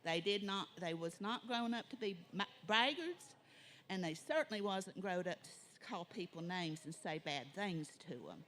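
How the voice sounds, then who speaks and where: A woman telling a mountain folk tale in a warm drawl. Her delivery is folksy and unhurried, drawing out the lists and pausing to let the words land. She sounds like a live oral storyteller. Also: on the low side, expressive.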